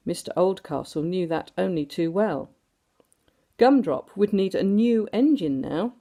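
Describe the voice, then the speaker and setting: Reading to children from a storybook, a woman performs it animatedly, adding sound effects and putting questions to her young audience in a mid-range voice.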